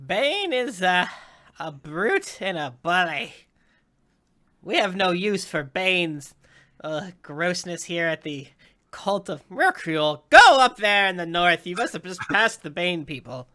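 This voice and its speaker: A scornful, sickly cultist woman in a tabletop game, as a man puts her on. She sounds haughty and dismissive, and the voice rides bright and sharp, pushed up higher than a plain speaking voice. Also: very animated, slow, heavily acted.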